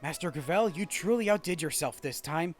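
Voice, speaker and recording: A man's voice: on the high side, lively intonation, brisk, faint music behind, lightly acted. A man reading the lines of a refined, courteous patron of a geiko district in a video game, with old-fashioned phrasing.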